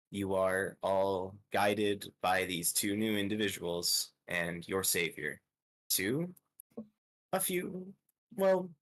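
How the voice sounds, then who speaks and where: A young man narrating a tabletop game as game master, with many pauses and fillers. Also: sits low, fairly bright tone. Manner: hesitant, lots of ums, slow descriptive pacing.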